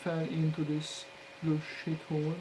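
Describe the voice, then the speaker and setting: A maker filming his electronics work mutters quietly while soldering, then erupts into loud, swearing outbursts. His voice is on the high side at a moderate pace, and steady background noise fills the recording.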